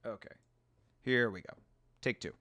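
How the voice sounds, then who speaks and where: A male host runs live commentary in a casual, blunt voice, swearing freely and often restarting his sentences. His voice sits at an ordinary male pitch. The sound is dry and close, with no room echo. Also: measured pace, sharp tone. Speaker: show host.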